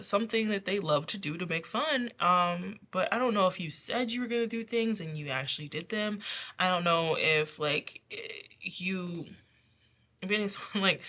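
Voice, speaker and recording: A woman giving a casual tarot reading who talks in a rambling, chatty way, laughing often and filling pauses with "like". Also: lowish voice, sharp tone. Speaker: tarot reader. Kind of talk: casual pick-a-card reading.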